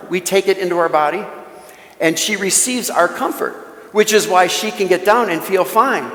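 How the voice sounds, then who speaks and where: High-voiced man speaking in an echoing church. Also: fairly bright tone. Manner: storytelling with joking asides to the audience. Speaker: guest speaker at a parish mission. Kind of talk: conversational talk at a church mission. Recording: echoey church with long reverb.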